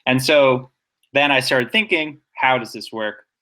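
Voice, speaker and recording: A man's voice: mid-range voice, unhurried, bright, forceful tone. Nerdy enthusiastic man discussing poetry. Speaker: podcast co-host. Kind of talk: casual podcast discussion of poetry.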